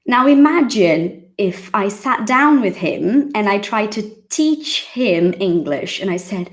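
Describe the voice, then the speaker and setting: Unhurried, chatty woman teaching. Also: mid-range voice, animated. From Brazil. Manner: chatty, emphatic, acts out quoted voices. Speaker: English teacher. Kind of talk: casual teaching monologue.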